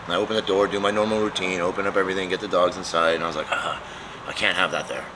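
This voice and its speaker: A man with a very low voice tells a rowdy story about his shop, swearing freely and laughing as he goes. The recording has clear background noise from the shop around him. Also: rapid-fire. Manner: profane, laughing, animated storyteller. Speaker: custom motorcycle shop owner. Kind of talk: casual storytelling chat. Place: motorcycle shop.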